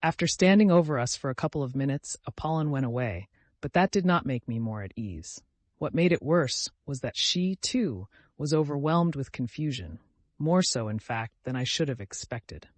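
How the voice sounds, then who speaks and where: Brief: male audiobook narrator, mid-pitched, even first-person reading, dry close recording. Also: moderate pace, dry recording.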